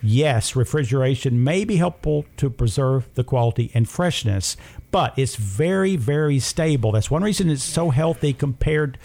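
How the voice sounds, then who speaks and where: A man's voice: medium pitch, expressive, normal speed, darkish tone. Chatty man hosting a health show. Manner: opinionated, talks in numbered points. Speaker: health talk show host. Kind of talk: casual chat.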